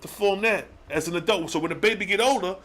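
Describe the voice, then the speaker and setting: A man with a fairly high voice teaches scripture on a livestream. He reads verses at a slow, deliberate pace, then jumps into excited street-slang commentary and throws rhetorical questions at his listeners. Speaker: religious livestream host.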